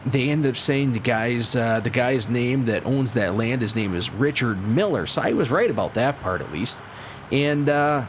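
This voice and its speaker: Folksy, excitable male game host; mid-pitched, rambling role-play commentary over faint game ambience. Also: normal speed, slight background noise. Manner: folksy, excitable, lots of "you betcha"; chatty and rambling with frequent restarts. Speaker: gaming channel host.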